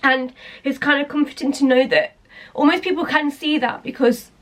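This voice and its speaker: A woman's voice: sits high, steady tone, moderate pace, fairly bright tone. A young woman, a vlogger talking candidly to the camera in a rambling, hesitant way that keeps interrupting itself. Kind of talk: candid personal talk to camera.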